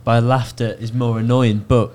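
A man's voice: mid-range voice, level tone, moderate pace, darkish tone. A male comedian guest on a podcast, talking casually in a dry, hesitant way with many fillers.

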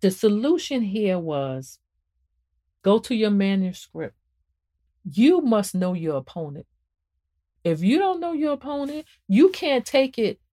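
A woman hosting a spiritual podcast and talking about her book, preaching to listeners in an animated, emphatic way and repeating phrases for emphasis. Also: a little slow, pauses often. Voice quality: emphatic and animated, swings up and down in pitch. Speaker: podcast host and author.

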